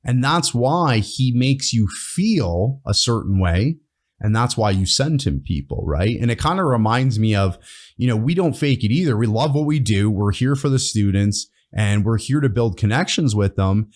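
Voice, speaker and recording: A man's voice: mid-range voice, expressive, moderate pace. A man who founded a training course, talking earnestly as a podcast guest and often checking in with "right?". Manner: earnest, explains with frequent "right?" tags. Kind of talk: casual interview chat.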